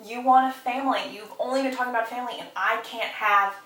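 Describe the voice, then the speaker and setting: A woman voicing a brooding young nobleman who refuses marriage, speaking low and apologetic. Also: fairly even intonation, fast, fairly bright tone, echoey room, distant mic, lightly acted. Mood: pained.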